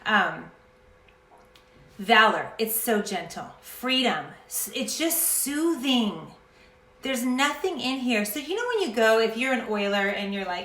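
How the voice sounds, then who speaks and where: Chatty, passionate woman with a bright voice. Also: on the high side, animated, measured pace, roomy sound. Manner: chatty and passionate, ranting at times. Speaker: essential oils educator. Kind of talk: casual vlog talk to camera.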